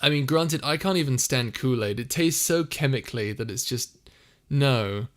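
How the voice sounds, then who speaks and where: Brief: young male streamer, playful casual chat, frequent laughs, mid-pitched voice. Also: animated, moderate pace. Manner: chatty and playful, laughs often. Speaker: streamer and audio creator. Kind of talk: casual live-stream chat, reading viewer comments.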